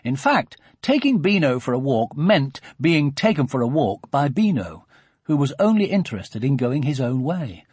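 A man narrating a children's storybook in an expressive, animated reading. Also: mid-range voice, normal speed, slightly rough, no echo.

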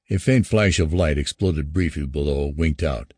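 A man narrating a science fiction story in a measured, even way. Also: very deep voice, dry recording, clean studio sound.

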